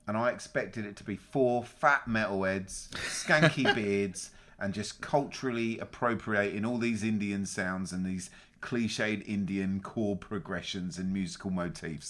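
A man co-hosting a casual podcast chat, sweary, teasing and animated. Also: lowish voice. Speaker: podcast co-host.

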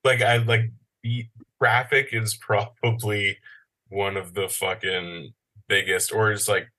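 A man with a very low but bright, forceful voice rambles through a story. He hesitates often and leans on fillers. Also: flat delivery, slow pace. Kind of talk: casual chat.

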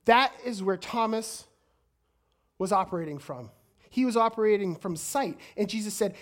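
A woman preaching a sermon in an energetic way, often stumbling and repeating words as she goes. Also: mid-range voice, normal speed.

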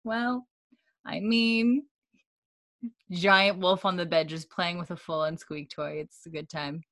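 A woman with a lowish voice chats casually as a podcast co-host, retelling scenes in a loose, chatty way. She keeps dropping in "like" and small laughs. The recording is close and dry, with no room sound. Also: fairly even intonation, takes it slowly, a bit bright, no room sound. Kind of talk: casual episode recap chat.

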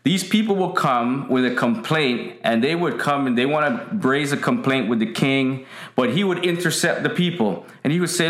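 A man's voice: mid-range voice, expressive, normal speed, fairly bright tone. A man preaching a casual, emphatic sermon to an online audience, repeating his key lines and greeting viewers by name. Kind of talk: livestream sermon. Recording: roomy echo.

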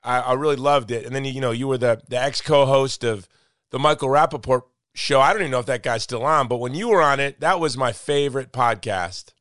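A man's voice: medium pitch, brisk, a bit bright, no echo, studio quality. A man hosting a podcast in casual chat, speaking with passion and repeating points for emphasis. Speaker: podcast host.

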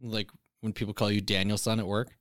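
A man's voice: on the low side, level tone, brisk, no room sound, studio quality. A Canadian man in crude, joking casual chat, swearing freely.

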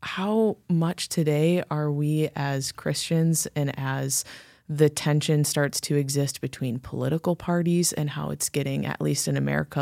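A woman's voice: low voice, creaky, mellow, no room sound, clean studio sound. A woman co-hosting a church podcast, speaking reflectively in casual conversation. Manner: reflective, frequent affirming murmurs. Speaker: podcast co-host.

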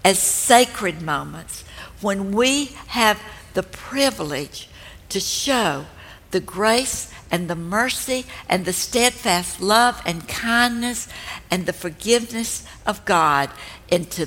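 Gentle older woman, bright tone, echoing hall. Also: mid-range voice, expressive. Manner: slow, gentle, earnest delivery. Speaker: speaker at a women's ministry event. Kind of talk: devotional teaching talk. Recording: long hall reverb.

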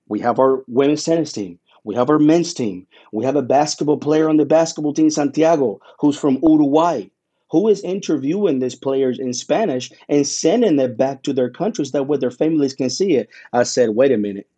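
A man sits as an interview guest and tells his story with growing excitement and feeling. His voice is warm and mellow, never bright. He talks like a play-by-play broadcaster, with punchy phrases and dramatic pauses. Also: mid-range voice, slightly rough. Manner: animated and emotional, with dramatic pauses.

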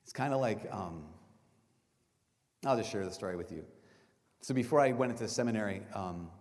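A middle-aged man, a priest, giving a sermon with animated storytelling, acting out voices and swinging from loud to hushed. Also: lowish voice, fairly quick. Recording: reverberant hall recording.

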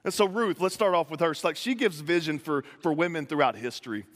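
A man's voice: a little high, quick pace. A man preaching a conversational sermon, telling the story playfully with modern asides and stammered restarts. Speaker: pastor. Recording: echoey hall with long reverb.

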